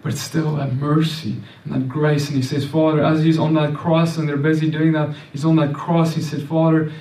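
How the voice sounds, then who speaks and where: A man delivers a sermon in an earnest, repeating manner, often stumbling and restarting. His voice is mellow and sits a little high. He sounds set back from the microphone in an echoey room. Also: flat delivery, moderate pace, distant mic. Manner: earnest, repetitive, with many restarts and stammered words. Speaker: preacher.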